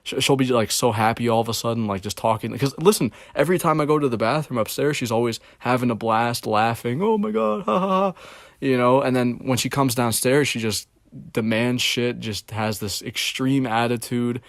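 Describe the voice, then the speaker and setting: A man's voice: mid-range voice, steady tone, normal speed, no echo, studio quality. A young man telling a rambling, profane story about his job in casual chat, full of fillers. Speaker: streamer. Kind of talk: casual rant about work.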